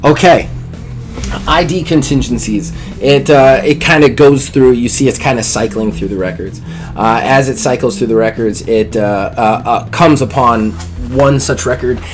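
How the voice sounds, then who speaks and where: A man narrating a tabletop game as game master, relaxed and halting. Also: mid-range voice, faint music behind.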